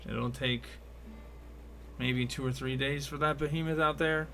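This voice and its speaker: A man's voice: mid-range voice, steady tone, a little slow, a bit bright, slight background noise. Mister Barthen, a man playing an old shopkeeper. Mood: bargaining. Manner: haggling, folksy merchant talk. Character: older male shopkeeper, businesslike and friendly.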